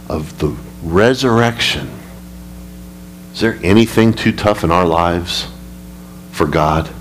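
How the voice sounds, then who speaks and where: Male pastor, low voice, emphatic bible teaching, faint hum behind. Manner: emphatic, rising high when retelling scripture. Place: church sanctuary.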